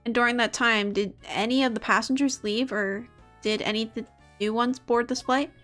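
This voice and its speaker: A woman's voice: on the high side, fairly even intonation, normal speed, fairly bright tone, soft background music, lightly acted. A woman reading out a composed male prosecutor's lines from a game in her own voice. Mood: probing.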